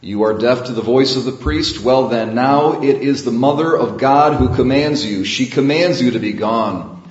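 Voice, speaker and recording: A preacher voicing a stern commanding exorcist. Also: male voice, medium pitch, normal speed, echoey room, highs cut off, voice pushed up, close to an everyday voice. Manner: commanding, forceful. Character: stern older male exorcist priest commanding a demon.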